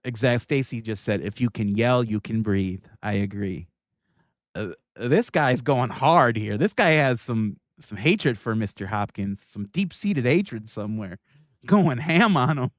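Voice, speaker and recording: Hosting a livestream, a man with an animated mid-range voice takes his time as he riffs on video clips. The sound is clean and studio-like with no echo, and his commentary is loose and irreverent, broken up by frequent laughter.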